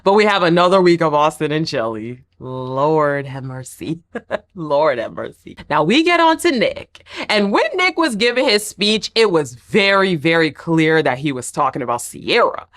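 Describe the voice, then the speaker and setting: A woman's voice: lowish voice, expressive, moderate pace, a bit bright. A woman giving a casual, opinionated reality-show recap in a chatty, playfully dramatic way. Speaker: TV recap vlogger.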